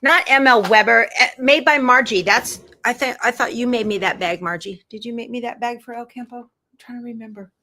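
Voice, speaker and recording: Her voice is a little high and sharp, a bit quick, with few pauses, as this woman hosts a quilting show and tidies her craft room. Talking casually to viewers and to herself, she occasionally runs short of breath, recorded via earbuds.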